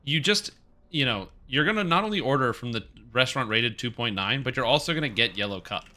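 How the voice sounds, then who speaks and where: A man's voice: mid-range voice, expressive, a little fast, pushed and bright. A man in his thirties streaming a game, joking and rambling as he reads chat aloud. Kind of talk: casual stream chat while gaming.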